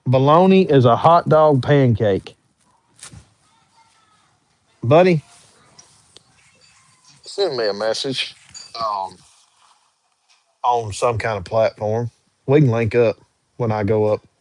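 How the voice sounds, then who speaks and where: A man's voice: mid-range voice, no echo. A young man hosting a casual livestream, reading viewer questions aloud and answering them in an easygoing, drawling way. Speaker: livestream host answering chat.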